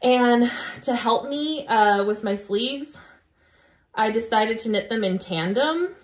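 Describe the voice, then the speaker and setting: Relaxed woman co-host in an echoey room. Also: a little high, slow. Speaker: podcast co-host. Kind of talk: casual chat about knitting.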